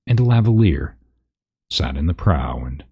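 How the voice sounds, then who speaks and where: A man's voice: rumbling low, big pitch swings, measured pace, warm tone, husky. A man reading a parody fantasy story aloud, breaking into laughs and profane asides.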